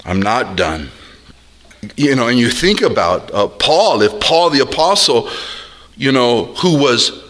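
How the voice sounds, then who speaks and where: A man preaching a sermon as a pastor, drawing out his words and dropping his voice low when he quotes others. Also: big pitch swings, unhurried, a bit bright. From Arab heritage.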